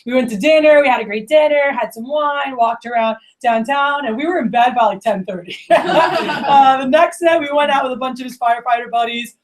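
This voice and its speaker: A woman in her thirties speaks in a fairly high voice. She gives a casual motivational talk to her team, loose and chatty, full of "like" and "you know". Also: brisk, few pauses, background noise. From Miami. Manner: casual and chatty, lots of "like" and "you know", acts out quoted friends. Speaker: division leader giving opening remarks.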